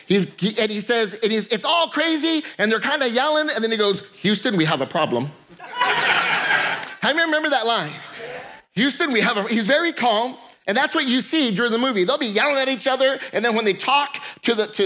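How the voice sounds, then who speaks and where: Male pastor, sermon delivery, high bright voice, jokey, hammers key phrases. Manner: joking, repeats phrases for emphasis.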